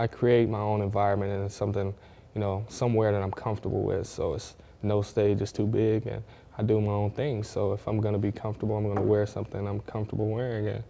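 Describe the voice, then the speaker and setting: Young male athlete, laid-back interview talk, deep and warm. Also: vocal fry. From Northwest Ohio. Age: young adult. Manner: laid-back, says "man" a lot. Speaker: athlete guest. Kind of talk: casual interview.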